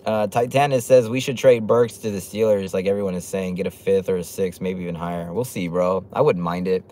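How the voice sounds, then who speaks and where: Dude hosting a live stream from home, lowish voice, chill and swears a lot, faint hum behind. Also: male voice, fairly even intonation, fairly quick, warm tone. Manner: loose and profane, reads chat comments aloud; fillers and restarts, laughs often. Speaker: livestream host. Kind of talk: casual livestream chat.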